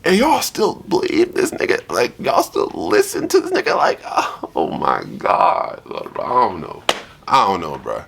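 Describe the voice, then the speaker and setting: A man's voice: mid-range voice, normal speed, gravelly, a little hiss or hum. A man ranting in a heated, profane way while reacting to a clip with friends. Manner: animated, emphatic, swearing.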